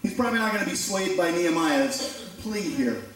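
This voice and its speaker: High-voiced preacher in an echoey church. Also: male voice, animated, brisk, fairly bright tone. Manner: conversational preaching with dramatized quotes. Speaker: pastor. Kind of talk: sermon. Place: church sanctuary. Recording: very echoey church from a distant mic.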